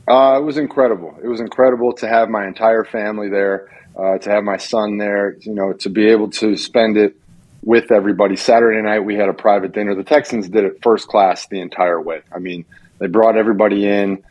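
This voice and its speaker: A man who is a retired football player, a guest on a talk show, telling stories in an animated, self-mocking way. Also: fairly low pitch, a little fast, highs cut off. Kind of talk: casual chat on a talk show.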